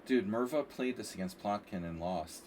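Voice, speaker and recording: A man casually commenting on chess games during a live stream, rambling and animated with lots of filler words. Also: lowish voice, normal speed. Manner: rambling and animated, frequent "like" and "you know". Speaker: chess coach streaming a lesson. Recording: distant mic with faint background hiss.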